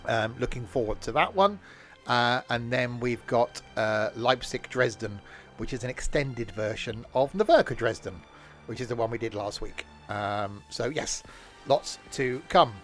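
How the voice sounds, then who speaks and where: Hoarse man, game streamer, chatty and rambling, average pitch, faint music behind. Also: moderate pace, fairly bright tone. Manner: chatty, rambling, lots of fillers and self-corrections. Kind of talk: casual live-stream commentary.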